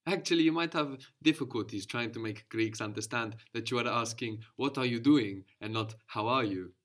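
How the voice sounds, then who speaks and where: A man's voice: mid-range voice, normal speed, fairly bright tone. A man teaching a language lesson, explaining patiently step by step and prompting his student to answer.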